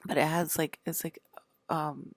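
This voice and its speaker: A woman's voice: deep voice, level tone, unhurried, dry recording. A woman vlogger talking in a rambling, profane casual monologue, leaning on "like" and sometimes dropping to a half-whisper. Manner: rambling and profane, heavy use of "like"; drifts into half-whispered stretches.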